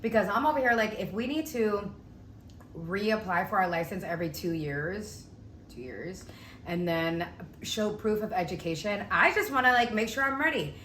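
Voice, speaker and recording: A young woman telling a story in a casual vlog, chatty and animated, acting out the people she quotes. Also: mid-range voice, moderate pace. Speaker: vlogger. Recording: echoey room with faint noise.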